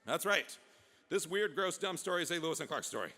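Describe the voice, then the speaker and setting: A man giving an author talk, telling a history story to an audience in a playful, animated way. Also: fairly high pitch, brisk. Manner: playful, voices many characters. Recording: long hall reverb.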